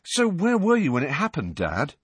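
A man's voice: a little high, wildly swooping pitch, normal speed, slightly rough, no room sound, voice pushed up, exaggerated voice. A man voicing a sly, probing teenage wizard boy, in an audiobook reading.

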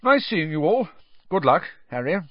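A man's voice: fairly high pitch, sing-song, normal speed, no echo, muffled recording, voice pushed up. A man voicing a jovial, nervous middle-aged male wizard official who talks in a hearty, confiding way. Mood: hurried. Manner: bluff and hearty, dropping to a confiding hush.

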